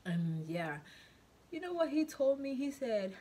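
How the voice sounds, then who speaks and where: A woman's voice: high-pitched, sing-song, a little slow, dark tone. A woman vlogger telling a casual storytime in a chatty, rambling way, full of fillers and repeats.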